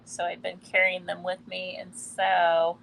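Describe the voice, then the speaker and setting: A woman doing a live painting demonstration, relaxed and thinking aloud as she works, often trailing off mid-sentence. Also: lowish voice, unhurried, gravelly, slight background noise. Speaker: art instructor. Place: quiet indoor studio in a building.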